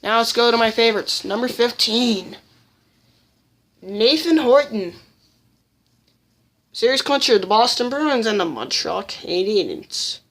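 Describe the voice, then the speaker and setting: A woman's voice: a little high, lively intonation, measured pace, long pauses. A woman giving casual countdown commentary as a fan vlogger, blunt and opinionated, often restarting her sentences.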